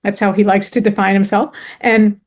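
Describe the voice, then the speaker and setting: A woman's voice: mid-range voice, little pitch movement, normal speed. A woman telling a personal story with earnest emotion, often restarting her sentences. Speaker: presenter.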